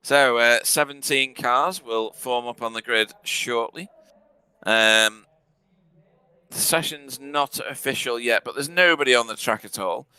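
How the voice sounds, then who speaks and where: A man's voice: mid-range voice, unhurried, bright, forceful tone, clear, resonant tone, dry recording. A man commentating a sim racing broadcast in a chatty, laughing way, sometimes fumbling for names. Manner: chatty, laughs often, stumbles over names. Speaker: race commentator.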